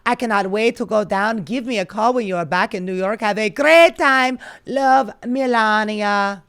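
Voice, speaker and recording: A woman's voice: mid-range voice, moderate pace, a bit bright, clean tone, pitched above the performer's own voice, close to an everyday voice. A woman doing an impression of a gushing society wife with a put-on Slovenian accent, in a sugary, exaggerated way.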